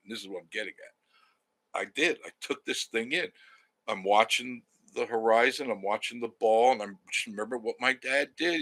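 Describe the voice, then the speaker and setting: A man in his sixties from Long Island talks straight to his viewers in a loose, rambling way, chuckling now and then as the story unfolds. His voice is bright and forward, and his pitch sits right in the middle for a man. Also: moderate pace. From Long Island, New York. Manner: rambling, anecdotal, chuckles as he tells it. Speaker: travel channel host. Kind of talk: casual storytelling monologue.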